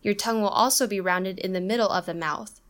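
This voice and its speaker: A woman co-hosting an English-learning podcast, reading a scripted lesson and slowing down to model each sound. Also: medium pitch. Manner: careful, explanatory, slows down on example sounds. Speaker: podcast co-host, English teacher.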